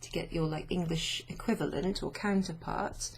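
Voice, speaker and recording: Woman language tutor with a gravelly, low-pitched voice. Slow, thinking-aloud delivery. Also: steady tone. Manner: unhurried, thinking aloud with many fillers. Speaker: language teacher. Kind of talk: explaining grammar to students.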